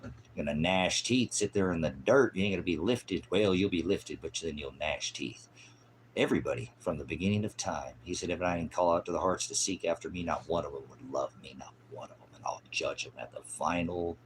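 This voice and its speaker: A man preaching an improvised, fiery sermon in a mocking, scolding manner, swinging from loud outbursts to low mutters. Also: a little fast, a little hiss or hum.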